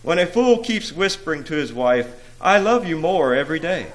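A man's voice: fairly high pitch, big pitch swings, moderate pace, pitched above the performer's own voice. A man voicing a frustrated male demon who complains of failing. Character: defeated male demon of hatred.

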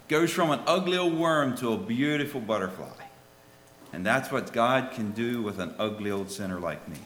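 A man preaching a sermon and telling a children's story, swinging from soft, low asides to loud, high pleas. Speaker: lay preacher. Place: church. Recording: echoey hall with faint ambience.

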